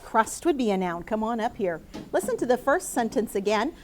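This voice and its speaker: Middle-aged female teacher, higher pitch, clear and encouraging classroom delivery. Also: sing-song, moderate pace, a little mellow, a little hiss or hum. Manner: clear, encouraging, calls on students by name. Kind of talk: classroom lesson for students and viewers.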